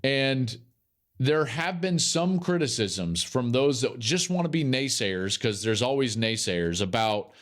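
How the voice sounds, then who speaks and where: A man's voice: medium pitch, animated, measured pace. A man hosting a sports podcast, giving emphatic solo commentary and repeating key phrases for effect. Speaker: podcast host and college football analyst.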